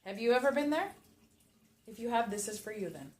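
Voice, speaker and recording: A woman's voice: a little high, lively intonation, fairly quick, darkish tone. A woman who teaches classes for mothers and babies, frankly and emotionally telling her own story and repeating short phrases for emphasis. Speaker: mother and baby class instructor. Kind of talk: candid personal storytelling to camera. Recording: roomy echo.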